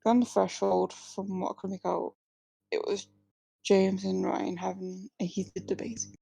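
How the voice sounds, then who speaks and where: A woman's voice: mid-range voice, flat delivery, a little slow, vocal fry, warm tone, low-quality recording. A woman reading her own first-person fiction aloud at a live reading, with small slips and restarts. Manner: plain reading with slips and restarts, few distinct character voices.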